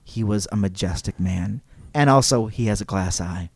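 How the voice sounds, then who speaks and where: A man's voice: lowish voice, normal speed, vocal fry, slightly rough, dry recording. A man hosting a podcast, telling a history story in a casual, digressive way and reading quotes aloud. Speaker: podcast host.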